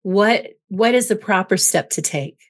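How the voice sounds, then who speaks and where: A woman's voice: mid-range voice, animated, a little slow. A woman clinical psychologist as an interview guest, explaining emotions through everyday analogies and checking in with "right?" as she goes. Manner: teaching through analogies, tags points with "right?".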